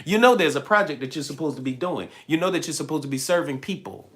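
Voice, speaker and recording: Talking fast and animatedly, a man with a highish, fairly bright voice hosts a spiritual livestream. His banter with viewers is playful, punctuated by laughter and impressions of the voices he quotes.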